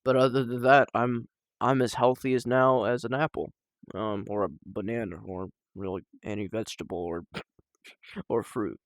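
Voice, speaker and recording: A young man talking casually and personally to the camera at home, halting and emotional, with sighs and restarts. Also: mid-range voice, steady tone, no room sound, studio quality. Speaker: vlogger.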